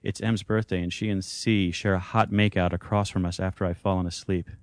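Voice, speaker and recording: A man reading his own first-person story aloud in a measured, intimate way. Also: low voice, level tone, no echo, studio quality.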